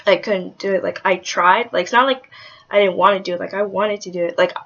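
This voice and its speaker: A woman's voice: medium pitch, steady tone, brisk. Rambling young woman, lo-fi vlog. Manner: rambling, many "like"s and swearing; soft-spoken with hesitant restarts. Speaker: vlogger. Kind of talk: candid personal vlog. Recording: dull lo-fi audio.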